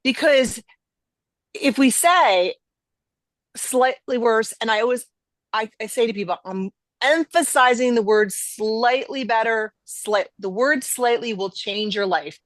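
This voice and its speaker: Animated woman host, dry close sound. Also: on the high side, unhurried, no room sound. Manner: emphatic, animated, acts out quoted voices. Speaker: podcast host. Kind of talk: conversational podcast teaching.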